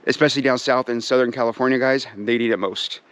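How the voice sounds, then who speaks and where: Walking through his pheasantry, the channel's host, a pheasant breeder, talks quickly in a medium-pitched, fairly even, slightly bright voice with a clean tone. He's easygoing and folksy, full of fillers, repeatedly addressing "you guys" and speaking tenderly to the birds.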